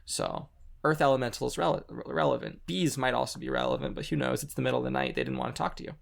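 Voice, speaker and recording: A man narrating as game master of a tabletop game, halting often with ums and likes. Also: medium pitch, steady tone, gravelly.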